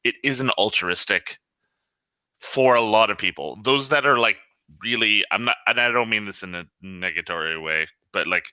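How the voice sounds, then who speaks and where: A man's voice: fairly low pitch, normal speed, bright, forceful tone, no room sound. A man who works as a line cook, talking casually and bluntly with lots of swearing and rambling asides. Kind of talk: casual podcast chat.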